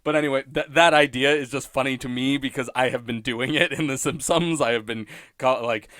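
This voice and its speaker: A man's voice: medium pitch, brisk, sharp tone, dry recording, clean studio sound. A man hosting a solo podcast, talking through a cartoon episode in rambling, wry commentary and often cutting himself off. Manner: rambling, self-interrupting, wry, laughs at own points. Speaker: podcast host reviewing episodes.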